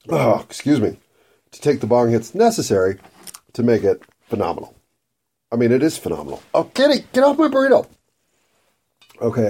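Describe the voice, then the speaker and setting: A man's voice: medium pitch, dark tone. A man talking in a casual, rambling monologue while he eats, swearing freely as he goes. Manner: profane, rambling and food-obsessed. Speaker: vlogger.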